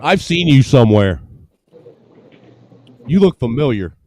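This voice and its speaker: A man's voice: medium pitch, big pitch swings, measured pace, a little mellow. A man from Indiana chiming in bluntly during an online debate.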